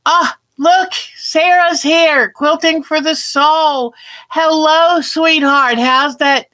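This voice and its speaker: A woman's voice: high voice, takes it slowly, bright, forceful tone. A woman hosting a casual quilting livestream, chatting and greeting viewers by name.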